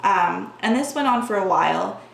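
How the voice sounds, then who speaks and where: A woman's voice: medium pitch, expressive, moderate pace, creaky, a bit bright. A woman vlogger earnestly telling her personal story to the camera, speaking casually with lots of "like" fillers. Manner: earnest, talks with frequent "like" fillers. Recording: echoey room with faint background hum.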